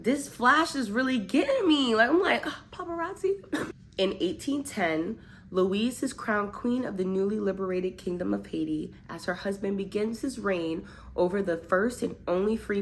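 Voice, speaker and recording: Young woman chatting about a book, kinda low voice, faint hiss behind her. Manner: chatty, animated, with many fillers. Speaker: book reviewer. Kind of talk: casual book review.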